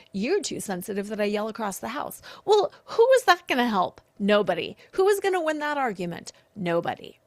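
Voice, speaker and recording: Female coach hosting a solo podcast. Earnest and animated, voice on the high side. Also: no room sound. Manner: earnest, animated, acts out quoted lines. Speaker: podcast host and betrayal coach.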